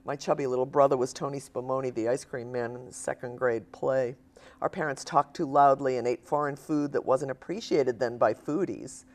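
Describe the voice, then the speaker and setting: Older woman author in her sixties, low-pitched, animated storyteller at a live reading. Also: moderate pace. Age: 60s. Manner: animated storyteller, laughs often. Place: stage at a writers event.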